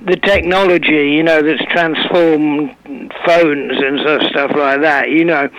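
A man's voice: a little high, fairly even intonation, unhurried, a bit bright, no room sound, muffled recording. An older man from England, a guest in a casual chat, talking in a reflective, rambling way with many restarts. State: coughing.

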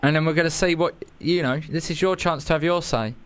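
A young man chats on air as a radio host, his voice smooth and clean. He talks loosely and teasingly, slipping in quick asides, and pitches a little above most men. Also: fairly bright tone. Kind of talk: casual radio chat.

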